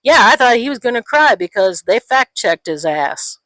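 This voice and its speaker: A woman's voice: on the high side, big pitch swings, moderate pace, fairly bright tone, no echo. Ranting profane Gen X woman. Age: 40s or 50s. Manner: ranting, profane, mocks people with exaggerated voices. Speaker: podcast co-host. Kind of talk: casual political chat.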